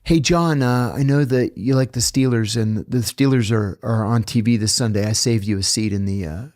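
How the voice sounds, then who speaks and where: A man's voice: mid-range voice, steady tone, normal speed, darkish tone, natural voice. A man doing a fawning fellow inmate. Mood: eager. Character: fawning male prison inmate, eager to please.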